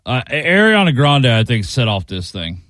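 An easygoing male co-host chimes in with agreeable reactions and quick asides. His pitch moves freely, and the mic sound is dry and close. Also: big pitch swings, fairly bright tone, no room sound. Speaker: radio co-host. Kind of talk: casual talk show banter.

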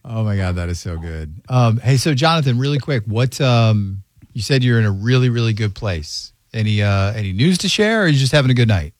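A man's voice: medium pitch, lively intonation, a little fast, no echo. A man hosting a casual talk show, rambling with lots of fillers as he talks with callers. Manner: rambling, warm-hearted, filler-heavy. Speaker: host. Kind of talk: casual podcast chat.

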